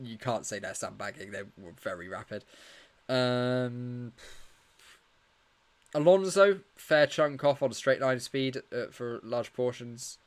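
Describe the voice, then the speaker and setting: A man's voice: mid-range voice, a bit bright. A man hosting a casual live watch-along, chatty and joking as he reacts to the action and answers viewer questions, tired and yawning. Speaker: livestream host.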